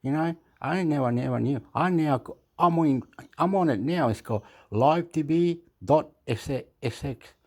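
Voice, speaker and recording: A man's voice: a little high, a little slow. A man who grew up in Chile, talking to camera in a rambling, casual monologue, meandering and self-deprecating, often laughing at himself. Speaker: YouTuber.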